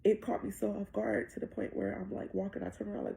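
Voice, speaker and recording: A woman with a very gravelly, dark, mellow voice recounts a dream as personal testimony. She tells it earnestly and breathlessly and quotes each exchange as she goes. Her tone is heartfelt and conversational. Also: medium pitch, flat delivery, quick pace, a little hiss or hum. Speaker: mother telling of a dream.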